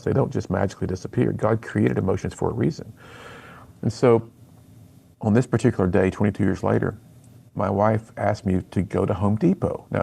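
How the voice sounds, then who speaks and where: A middle-aged man, a guest on a radio interview, telling his personal story in an earnest, animated way and acting out the lines he quotes. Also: on the low side, creaky, breathy edge. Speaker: radio guest, speaker to students.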